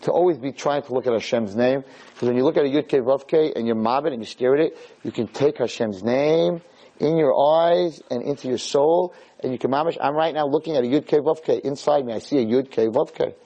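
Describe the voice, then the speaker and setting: Speaking a little fast in a warm tone, a rabbi lectures on Torah to a live audience in a room. He is emphatic, repeats points, and swings his pitch widely, though the audio is dull.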